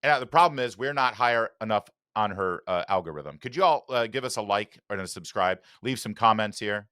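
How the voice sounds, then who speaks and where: A man's voice: on the low side, a little fast, sharp tone, clear, resonant tone, no echo, clean studio sound. A man hosting a political commentary show, talking with sarcastic, mocking asides. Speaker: talk show host.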